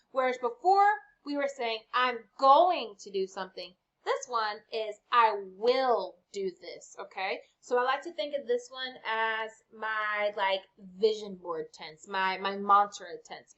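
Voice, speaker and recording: A woman's voice: a little high, muffled recording. A woman teaching an online Spanish lesson at home, upbeat and chatty, checking in with "okay" often. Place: home with lawnmower outside.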